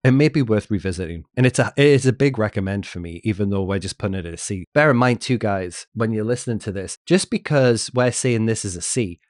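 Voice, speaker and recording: A man's voice: fairly low pitch, expressive, quick pace, hardly any pauses, no echo, clean studio sound. A man co-hosting a podcast, chatting casually and with strong opinions while ranking movies and speaking to listeners. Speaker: podcast co-host.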